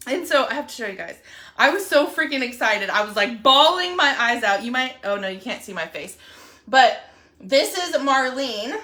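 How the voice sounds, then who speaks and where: A bright, high-pitched young woman talks in a casual live video chat. She gushes and rambles, with plenty of fillers between her thoughts. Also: moderate pace. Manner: excitable, gushing, rambling with fillers. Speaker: wellness app promoter.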